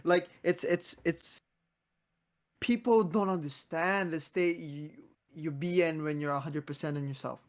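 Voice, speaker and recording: A man's voice: fairly high pitch, steady tone, a little slow. A man in his twenties hosting a casual podcast, talking earnestly and motivationally, often restarting his sentences. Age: 20s. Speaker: podcast host.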